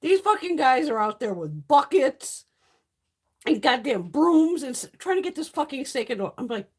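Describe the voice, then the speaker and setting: A middle-aged woman hosting a live stream speaks at a normal speed in a high, husky voice with a darkish tone and big pitch swings. Casual and blunt, she swears a lot, tells stories, and replies to comments from the chat.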